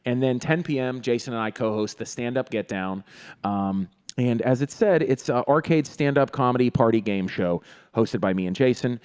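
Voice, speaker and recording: A man's voice: mid-range voice, moderate pace, darkish tone, smooth. A male comedian hosting a laid-back podcast, talking in an easy middle register. He jokes around and rambles, filling gaps with "uh" and "um". Casual banter with a co-host. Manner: joking, rambling with many fillers. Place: studio room in a comedy theater.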